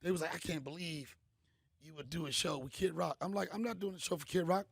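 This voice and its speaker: A middle-aged man, a comedian host, telling stories in a punchy, animated way. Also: fairly high pitch, fast talker, creaky, no echo. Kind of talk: storytelling monologue.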